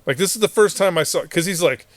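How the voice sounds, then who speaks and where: A middle-aged man swaps profane stories as a podcast host, a touch higher in pitch than most men. He laughs often and slips into quick impressions of the people in his tale. The sound is dry and close, with no room around it. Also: a bit bright, no room sound. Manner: profane, laughing, acts out quotes of others. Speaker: podcast host, former Marine. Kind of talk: casual storytelling.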